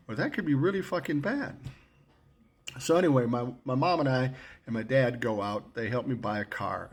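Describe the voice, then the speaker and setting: An older man in his sixties spins a yarn in a loose, casual way. He swears freely and talks bluntly, and his voice jumps up when he acts out what he said back then. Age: 60s. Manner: blunt and profane, acting out his own past lines with rising pitch. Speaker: storyteller recalling his radio career. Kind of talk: casual spoken storytelling.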